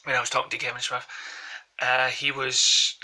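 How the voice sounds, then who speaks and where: A man's voice: mid-range voice, flat delivery, moderate pace, bright, forceful tone, low-quality recording. A man with a Glaswegian accent from Scotland, rambling through casual anecdotes as a vlogger. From Glasgow, Scotland. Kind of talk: casual chat to camera.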